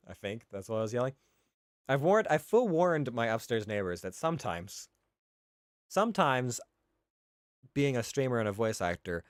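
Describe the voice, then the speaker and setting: A man's voice: medium pitch, no echo. A man, a streamer and voice actor, reading game logs in a casual way with laughing asides, his voice tired. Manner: laughing, self-mocking asides.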